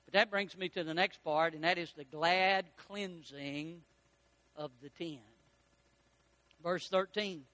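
A man preaching a folksy sermon, rising to loud peaks and slowing down for emphasis. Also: fairly high pitch, steady tone, dry recording. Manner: folksy preaching with dramatic rises and slowed emphasis. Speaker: pastor.

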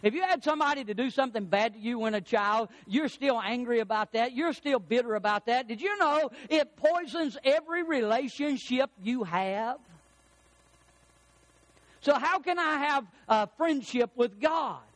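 A middle-aged man preaching a folksy sermon, swinging between loud emphasis and hushed, prayerful passages. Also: extremely high pitch, lively intonation, normal speed, dry recording. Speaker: pastor.

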